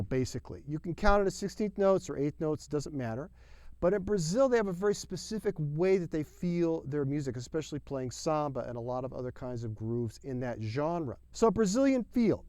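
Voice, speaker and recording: A man with a fairly high voice leads a drum lesson in an upbeat, folksy manner. He leans hard on key phrases and sometimes sings out drum syllables. The sound is dry and close. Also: darkish tone, no room sound. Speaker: drum teacher. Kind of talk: video lesson.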